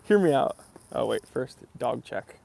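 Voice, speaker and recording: A young man from New Hampshire chats through a casual live stream, greeting viewers by name. His voice sits at a middle pitch with a gravelly fry. He keeps a loose, talkative host manner. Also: animated, measured pace, mellow. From southern New Hampshire.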